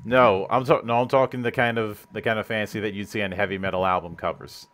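A man's voice: lowish voice, fairly even intonation, fast talker, fairly bright tone. A man hosting a casual podcast chat, rambling and often restarting his sentences with stammered repeats. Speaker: host.

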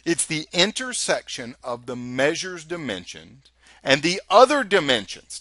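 A man walks through a technical lesson in an easy, talkative way, tossing in rhetorical questions as he goes. His voice is bright and forward, and it sits close and dry on the mic with no room sound. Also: a little high, very animated, unhurried, dry recording. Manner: chatty and conversational, asks rhetorical questions. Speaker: instructor. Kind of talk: recorded technical lecture.

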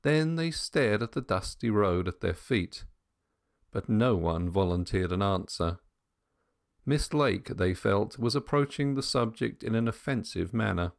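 A man reading an audiobook in a measured storytelling manner. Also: lowish voice, lively intonation, vocal fry. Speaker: audiobook narrator. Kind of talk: scripted narration.

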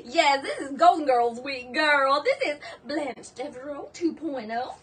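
A woman hosting a live jewelry sale stream, gushing and excitable, exclaiming over each piece. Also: high voice, a little slow, hardly any pauses, recorded from a distance, a little hiss or hum.

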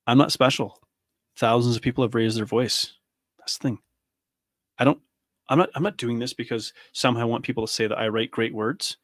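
A man's voice: mid-range voice, steady tone, fairly quick, no room sound, studio quality. A man in his thirties hosting a podcast, delivering an angry, impassioned monologue full of rhetorical questions. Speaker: podcast host.

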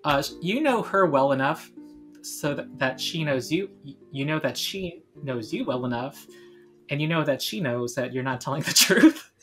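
A woman's voice: deep voice, expressive, moderate pace, a bit bright, soft background music. A woman narrating as game master of a tabletop game, hesitant with many fillers.

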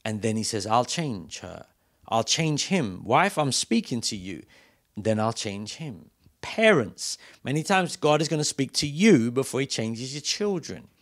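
A man preaching a sermon as pastor in a church, moving between loud emphatic calls and quiet, intimate asides. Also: mid-range voice.

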